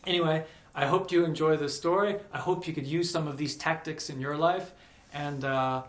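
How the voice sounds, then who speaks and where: A man telling a personal story in a casual, animated vlog, peppered with "like". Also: a little high, moderate pace, roomy sound. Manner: animated, chatty, lots of "like".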